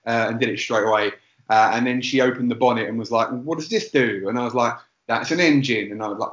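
A man's voice: medium pitch, fast, a bit bright. Rambling man telling stories. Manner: rambling, self-deprecating, many restarts. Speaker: podcast co-host. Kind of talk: casual storytelling chat. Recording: roomy, dull lo-fi sound.

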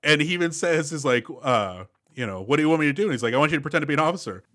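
A man's voice: fairly high pitch, lively intonation, racing, fairly bright tone. A man co-hosting a casual movie podcast, recapping scenes with wry asides. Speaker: podcast co-host.

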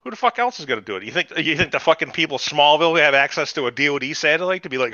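A man's voice: fairly high pitch, lively intonation, rapid-fire, bright, forceful tone, no room sound, muffled recording. A man hosting a podcast, recapping in casual, rambling chat full of swearing. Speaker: podcast host.

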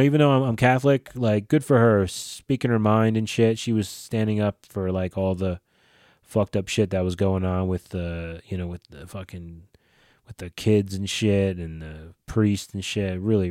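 A man in his forties talks loosely through his solo podcast, swearing freely and stumbling over fillers and restarts. His voice sits a little low and has a dark, mellow tone. The recording is dry and close, with no room sound. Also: steady tone, measured pace, smooth, dry recording. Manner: rambling, profane, lots of fillers and restarts. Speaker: podcast host. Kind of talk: casual solo podcast talk.

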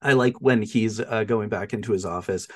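A man's voice: on the low side, moderate pace, fairly bright tone. A man co-hosting a podcast, recapping a movie in casual chat, telling it with animation, laughing often and using lots of fillers. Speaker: podcast co-host.

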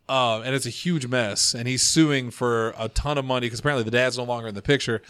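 A man hosting a casual podcast, telling stories from his notes with quick asides. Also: medium pitch, steady tone, fairly bright tone, clean tone. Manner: chatty storyteller, reads notes, quick asides. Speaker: podcast host.

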